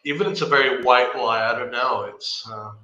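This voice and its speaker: A man's voice: medium pitch, moderate pace, sharp tone, muffled recording. A man in a casual podcast chat, tossing in teasing jokes and short interjections. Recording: roomy echo.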